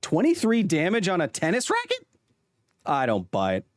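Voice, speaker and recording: Man, 30s, game streamer: lively, bouncy pitch, jokey, chuckles a lot, desk mic in a home room. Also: normal speed. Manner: animated, jokey, chuckles often, drifts into explaining science. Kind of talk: casual gaming commentary.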